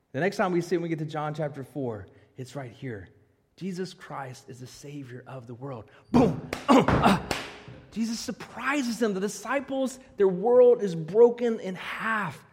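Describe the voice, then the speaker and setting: A pastor with a high-pitched voice preaches animatedly, alternating loud emphasis with quiet asides and slipping in the occasional joke. A long, trailing reverb carries his voice through the church hall.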